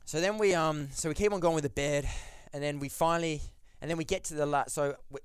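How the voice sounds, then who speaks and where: A man's voice: on the high side, fairly even intonation, fast, clear, resonant tone, no echo, clean studio sound. Rambling man telling a story. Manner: rambling, lots of "like" and restarts. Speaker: podcast guest. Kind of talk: casual storytelling.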